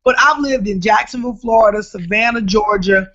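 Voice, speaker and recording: A woman comedian from New Jersey tells a story with big, animated emphasis and bursts of shouting. The sound is somewhat dull and lo-fi, like a casual podcast recording. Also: medium pitch, a little fast. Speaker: comedian guest.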